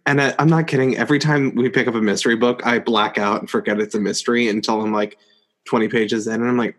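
A man's voice: mid-range voice, fairly even intonation, fast, a bit bright. A man co-hosting a podcast in casual chat, rambling with many "like" fillers. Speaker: podcast co-host.

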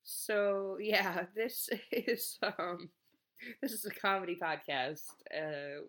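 A man's voice: high-pitched, slow, a bit bright. A man co-hosting a comedy podcast in casual chat, often laughing and hesitating with ums. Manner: giggly, hesitant, lots of ums. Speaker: podcast co-host.

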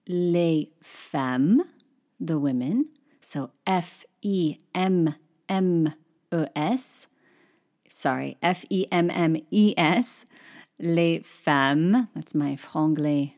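A woman from an English-speaking country teaches French pronunciation online to English speakers, her voice low-pitched, creaky, and a little mellow. She spells words out letter by letter and slows down to demonstrate.

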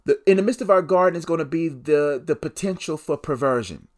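A man's voice: on the high side, a little fast, darkish tone. A young adult man hosting a solo devotional podcast, preaching with repeated phrases and strong emphasis.

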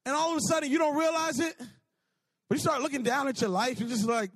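A man preaching a sermon, telling stories in an animated, repetitive way, then leading a prayer. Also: very high voice, fairly quick, no room sound. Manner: animated, repetitive storytelling with laughs. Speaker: pastor.

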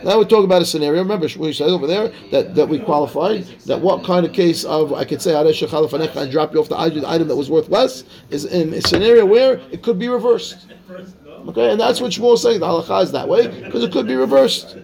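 A man teaching a casual Talmud class, explaining quickly and checking in with his students. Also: high-pitched, vocal fry, darkish tone. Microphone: class microphone.

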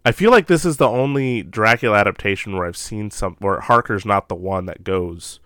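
Relaxed man with a dry voice. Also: fairly low pitch, normal speed, no echo. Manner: relaxed, laughs easily. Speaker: podcast co-host. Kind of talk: casual film discussion.

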